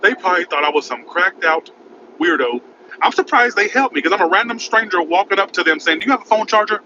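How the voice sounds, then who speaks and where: A man telling a rambling, frantic story in a casual vlog, recorded in his car by a highway. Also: expressive, fairly quick. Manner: rambling, frantic, repeats "oh my God". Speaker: vlogger. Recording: muffled with road noise.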